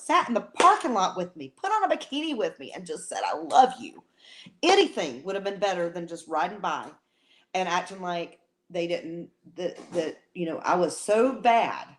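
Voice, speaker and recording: A middle-aged woman co-hosting a live chat, talking in a heartfelt way that repeats phrases, with playful teasing. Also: mid-range voice. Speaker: co-host.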